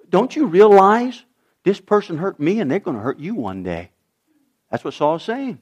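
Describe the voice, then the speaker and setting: A middle-aged man preaching a sermon in an animated way, his voice rising high and dropping low for emphasis. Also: normal speed. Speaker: pastor.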